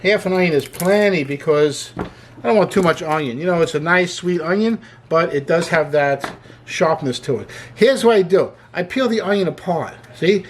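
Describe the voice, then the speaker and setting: Speaking at a normal speed with lively intonation and a high-sitting voice, a cooking show host chats his way through a casual demo in the kitchen. His manner is enthusiastic, peppered with joking asides, and there's a little hiss or hum on the recording.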